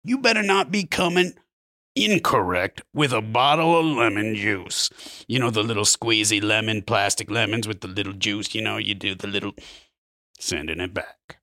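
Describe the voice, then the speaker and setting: A man's voice: lowish voice, normal speed, sharp tone, no echo, studio quality. A man from Maryland guesting on a comedy podcast, riffing through playful comic rants. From Maryland, USA. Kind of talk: casual chat.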